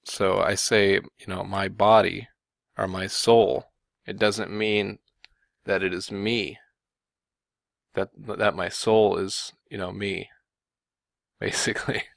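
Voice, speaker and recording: Gravelly low man arguing scripture. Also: level tone, takes it slowly, pauses often, fairly bright tone, no room sound. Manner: combative, repeats "okay" and "you know". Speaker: religious video commentator. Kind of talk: argumentative Bible commentary.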